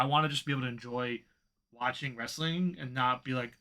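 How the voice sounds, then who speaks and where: Bright-voiced man in casual podcast chat. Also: medium pitch, a little fast, a little hiss or hum. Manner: animated, swearing, venting frustration. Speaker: podcast co-host.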